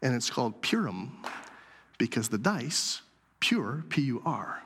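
A man telling a scripture story as a sermon, animated and acting out the characters' lines. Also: medium pitch, unhurried, husky. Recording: long hall reverb.

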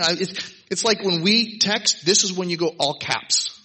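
In an unhurried, high-pitched voice with a sharp tone and a breathy edge, a male pastor addresses his congregation at church. The sermon is casual and emphatic, conversational in style, and he keeps adding "right?"

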